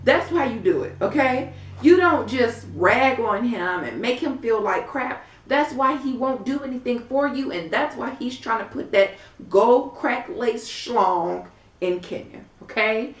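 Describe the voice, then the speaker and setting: A woman's voice: fairly high pitch, animated, measured pace. Sassy woman recapping in an echoey room. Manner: sassy, blunt, profane, tells the story acting out quotes. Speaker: reality show recap vlogger. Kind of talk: casual recap vlog. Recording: echoey room, far from mic.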